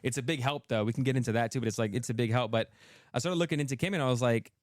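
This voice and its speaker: Fast-talking man, earnest creator. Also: medium pitch, dry recording, clean studio sound. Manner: quick, earnest, full of restarts. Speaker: content creator guest. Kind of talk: casual interview chat.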